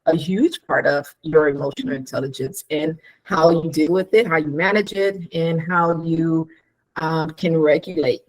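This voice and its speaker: Lively woman telling stress stories. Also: deep voice, moderate pace, low-quality recording. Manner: animated storytelling, acts out quoted dialogue; laughs often, asks rhetorical questions. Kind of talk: casual chat.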